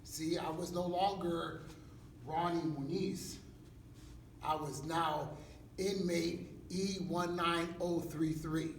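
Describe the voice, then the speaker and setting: A man's voice: fairly high pitch, takes it slowly, vocal fry, a little hiss or hum. A man, a pastor telling a dramatic personal testimony in street slang. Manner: animated storytelling in street slang. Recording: echoey hall from far off.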